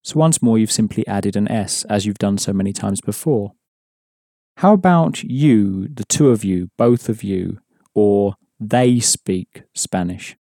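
A man's voice: lowish voice, a little slow, mellow, dry recording, clean studio sound. A man teaching an audio language lesson, patiently explaining rules and prompting the listener.

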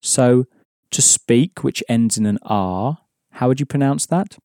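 A man's voice: mid-range voice, animated, a little slow, mellow, no echo, studio quality. A man teaching an audio language course, explaining patiently and prompting the listener to answer.

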